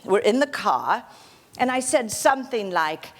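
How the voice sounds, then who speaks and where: A gracious aging film actress, played by a woman on stage, telling her memories softly and modestly with a bright, higher voice that swoops lively up and down. She takes her time, unhurried and gentle. The voice rings out with the long reverb of a hall. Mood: fond, amused. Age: 60s. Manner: soft, gracious storytelling with frequent light laughter. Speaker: actor in a one-woman portrayal. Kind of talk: theatrical monologue.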